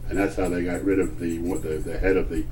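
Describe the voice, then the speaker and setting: An older man, a grandfather, telling family history in a halting way, often searching for words and repeating himself. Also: low voice, little pitch movement, a little mellow, soft background music. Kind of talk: casual storytelling at home. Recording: distant old home recording with faint hiss.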